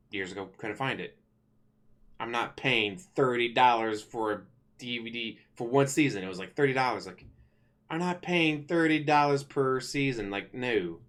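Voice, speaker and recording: A man ranting casually to camera as a channel host, rambling and correcting himself, blunt and quick to swear. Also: mid-range voice, a bit bright.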